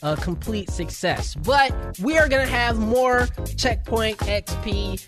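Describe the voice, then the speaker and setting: A man's voice: high-pitched, slow pace, music in the background. A man hosting a gaming podcast in casual chat, joking and rambling a little. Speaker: podcast host. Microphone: studio mic.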